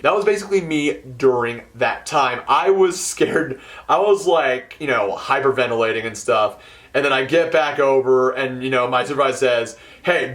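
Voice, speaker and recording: A young man telling a work story in a casual ranting vlog, swearing freely and swinging between mumbled asides and loud outbursts. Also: mid-range voice. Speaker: hotel event setup worker.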